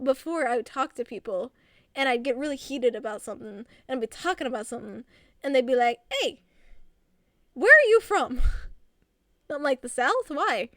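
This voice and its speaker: Giggly woman streamer with a high voice. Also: no echo, clean studio sound. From American South. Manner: giggly, rambling, frequent laughs. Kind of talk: casual chat.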